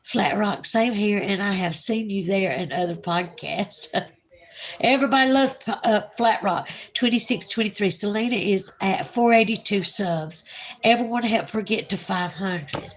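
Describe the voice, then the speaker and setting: A woman's voice: medium pitch, unhurried, slight background noise. A middle-aged woman with a Southern US accent, hosting a livestream and chatting emotionally while reading viewer comments. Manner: gushing, emotional, effusive. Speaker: livestream host.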